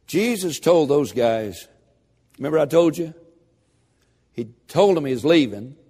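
A man preaches with rising fervor, his voice rather high and swinging widely up and down. He drives his points home with loud, emphatic bursts. The sound rings with a long hall reverb. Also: lively intonation, measured pace, husky. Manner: fervent, building to shouted emphasis. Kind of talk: sermon.

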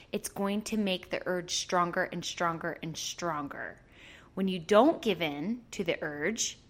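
A woman coaching in a casual, chatty way, playful and quick to laugh as she explains. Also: medium pitch. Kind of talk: casual teaching to camera.

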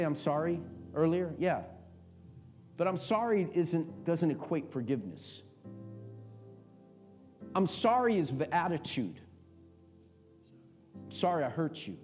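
A middle-aged male pastor preaching a sermon, swinging from quiet talk to shouted, impassioned passages. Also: on the high side.

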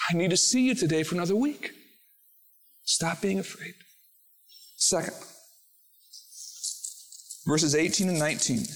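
A man preaching a sermon as pastor, moving between hushed, slow reflection and fervent, emphatic proclamation. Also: sits high.

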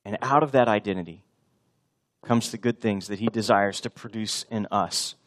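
A male pastor preaching a sermon, emphatic and animated, slipping into acted-out voices for imagined scenes. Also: lowish voice, moderate pace.

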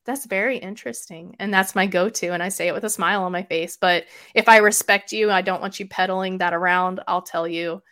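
A woman chatting as a podcast guest, telling stories in an animated way with sudden jumps in loudness. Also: medium pitch. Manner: animated storyteller, quick shifts in loudness. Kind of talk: casual chat.

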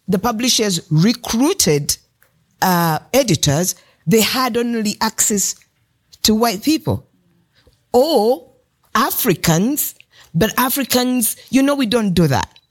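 A woman with a Ugandan English accent, a guest author telling stories with lots of laughter in a podcast interview. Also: mid-range voice. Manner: animated anecdotal telling, laughs often.

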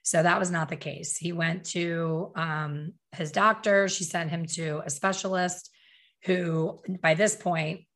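A middle-aged woman telling a personal story in a candid, emotional way, with quick asides and self-corrections. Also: fairly low pitch, fairly even intonation, a bit bright. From Philadelphia.

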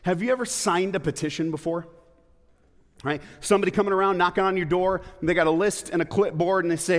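A man's voice: high-pitched, fast. Man preaching in an echoing hall. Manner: conversational preaching with rhetorical questions and playful asides. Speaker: pastor. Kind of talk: sermon. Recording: long hall reverb.

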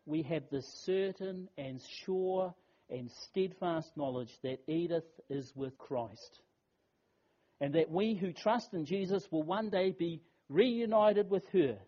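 A man's voice: high-pitched, takes it slowly. A man giving a funeral sermon, telling the story and asking rhetorical questions in an earnest, emphatic way. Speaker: pastor. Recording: dull lo-fi recording.

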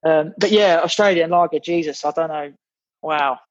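A man's voice: a little high, moderate pace, muffled recording. A man from England, a podcast guest in casual chat, blunt and swearing, with many restarts as he grumbles.

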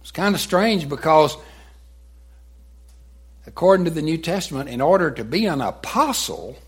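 A man's voice: fairly high pitch, lively intonation, normal speed, slightly rough. A male preacher retelling a story in a sermon, dramatic and voicing the quotes himself.

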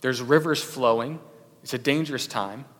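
A man's voice: medium pitch, normal speed, a bit bright. A young adult man preaching a sermon as a pastor, conversational, with many fillers and restarts. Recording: long hall reverb.

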